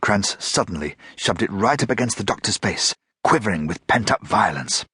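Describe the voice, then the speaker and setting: A man narrating an audiobook in a steady, measured reading. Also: on the low side, slightly rough, no room sound, studio quality. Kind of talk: scripted narration.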